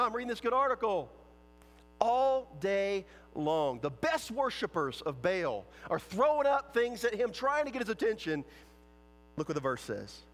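A man with a high voice preaches a sermon, retelling scripture with playful asides and acted-out quotes. His voice carries a long reverb from the hall around him. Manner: storytelling preacher, animated and playful, acts out quotes. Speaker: pastor.

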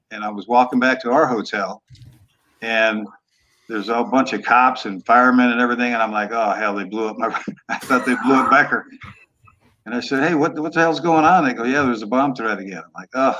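A man in his sixties, a former quarterback, telling stories in a relaxed, rambling way with some rough language. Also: mid-range voice, highs cut off. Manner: laid-back, trailing off, rough language. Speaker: guest, former football quarterback. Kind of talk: casual storytelling interview.

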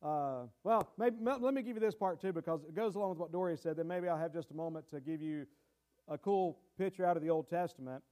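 A man's voice: a little high, quick pace, warm tone. A man preaching a teaching sermon in a conversational way, with many fillers and restarts and emphatic key points. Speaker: pastor.

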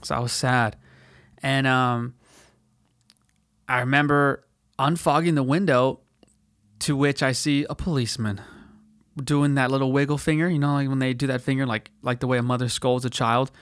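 A man's voice: mid-range voice, fairly even intonation, normal speed, pauses often, no echo, clean studio sound. A man hosting a podcast, telling a story in a casual, profane, slangy way and acting out quotes in put-on voices. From United States. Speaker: podcast host.

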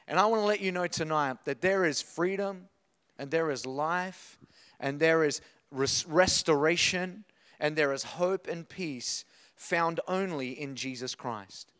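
Aussie pastor guy preaching, smooth resonant voice, bit high, big hall echo. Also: measured pace, fairly bright tone. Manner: passionate preaching with rising emphasis and storytelling. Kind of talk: sermon.

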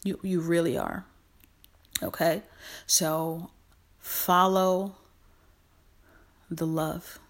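A woman's voice: lowish voice, fairly even intonation, very slow, long pauses. A woman hosting a podcast, speaking in an affectionate, encouraging motivational monologue with lots of repetition. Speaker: podcast host.

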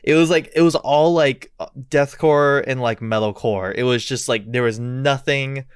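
A man's voice: mid-range voice, normal speed, clear, resonant tone, dry recording, studio quality. A young man chatting casually on a podcast as a musician guest, swearing freely and laughing as he tells stories. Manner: profane, laughing storyteller. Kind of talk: casual chat.

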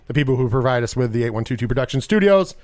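A man hosting a podcast in casual chat, animated and profane, rambling with restarts. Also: mid-range voice, very fast. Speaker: podcast host.

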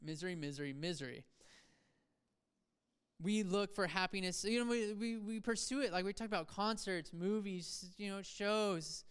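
A man preaching a sermon to his church, swinging between soft reflective talk and emphatic rises, with self-deprecating asides. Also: high-pitched, steady tone, moderate pace, few pauses, smooth. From Seattle area, USA. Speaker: pastor. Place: church sanctuary.

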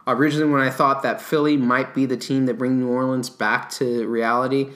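A man co-hosting a casual sports betting podcast, talking animatedly, swearing and getting loud when he argues his pick. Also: medium pitch, level tone, a little fast.

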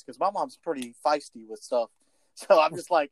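A man co-hosting a podcast in casual chat, enthusiastic and quick to laugh. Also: on the high side, expressive, a little hiss or hum.

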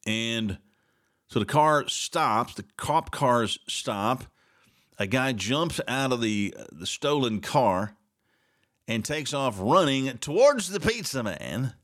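A man's voice: medium pitch, expressive, slow, a bit bright. Sarcastic man hosting a talk show. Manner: sarcastic, mocking asides, repeats words. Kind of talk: opinionated solo talk show commentary.

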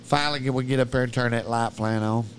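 A man's voice: medium pitch, steady tone, fast talker, a little hiss or hum. A man telling a long, profane, rambling story as a podcast guest, often cutting himself off mid-sentence. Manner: profane, colorful, self-interrupting. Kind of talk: rambling storytelling in casual chat.

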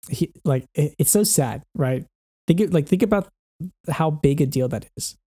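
A man in casual conversation about a film, rambling and animated, often acting out characters' lines. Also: medium pitch, no echo, clean studio sound. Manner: rambling, animated, acts out quotes. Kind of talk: casual movie discussion.

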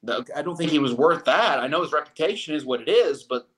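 A man's voice: on the high side, lively intonation, fast talker, fairly bright tone. A man co-hosting a sports podcast, talking casually in a rambling way with many restarts.

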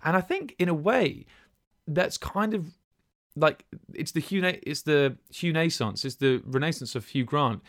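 A man's voice: fairly high pitch, expressive, moderate pace, fairly bright tone, dry recording, clean studio sound. A man co-hosting a casual podcast chat, talking in a rambling, enthusiastic way. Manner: rambling, enthusiastic, many restarts and fillers. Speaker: podcast co-host.

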